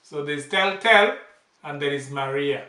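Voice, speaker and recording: A man teaching bird names, saying each word slowly and repeating it several times. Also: on the high side, lively intonation, sharp tone. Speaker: language teacher. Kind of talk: slow vocabulary lesson, repeating each word. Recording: echoey room, off-mic.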